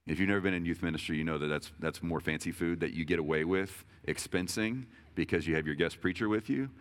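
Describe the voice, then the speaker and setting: A man in his thirties delivers a sermon in a fairly low voice. He speaks casually and conversationally, pokes fun at himself, and often restarts his sentences. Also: fast talker. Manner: conversational and self-deprecating, with asides and repeated restarts. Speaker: pastor.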